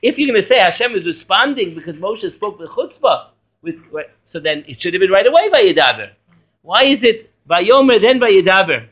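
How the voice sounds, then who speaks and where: A man, a rabbi, teaching a Torah class in a lively way, quizzing and joking with his students. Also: sits high, moderate pace, lo-fi sound.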